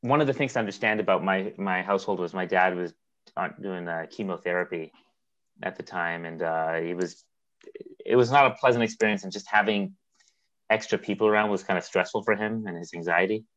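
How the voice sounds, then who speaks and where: A low-pitched man tells a story in casual chat, stumbling over words and laughing now and then. The sound is dull and lo-fi. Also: a bit bright. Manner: halting, repeats words, laughs through stories. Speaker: storyteller recounting a friendship.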